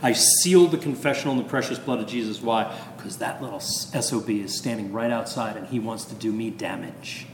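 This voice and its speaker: A man's voice: lowish voice, fairly quick, hardly any pauses, a little hiss or hum. Chatty priest in his fifties, echoey room. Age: 50s. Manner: animated, chatty, lots of asides and fillers. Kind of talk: casual talk about confession. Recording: echoey room with long reverb.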